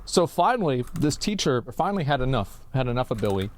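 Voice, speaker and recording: A man's voice: medium pitch, big pitch swings, a little fast. A man from Texas hosting a live stream, telling a long story in a rambling, profane way full of filler words.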